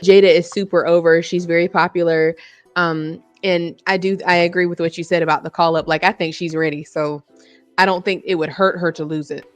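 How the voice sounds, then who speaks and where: A woman's voice: lowish voice, fairly even intonation, brisk, no echo, soft background music. A woman co-hosting a podcast, chatting casually and agreeably, easily amused. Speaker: podcast co-host. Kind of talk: casual wrestling predictions chat.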